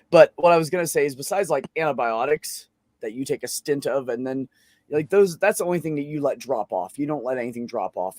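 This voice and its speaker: A man talks over a video call with a dry, close sound and no room echo. He rambles through a story in a loose, chatty way, full of swearing and fillers. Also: mid-range voice. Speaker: open mic show host. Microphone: computer microphone on a video call.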